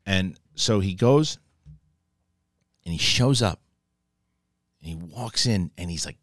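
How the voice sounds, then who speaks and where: Low-voiced man, profane TV review. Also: slow, long pauses, dry recording, studio quality. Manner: profane, excitable retelling with acted-out quotes. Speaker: host. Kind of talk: casual spoken TV episode review.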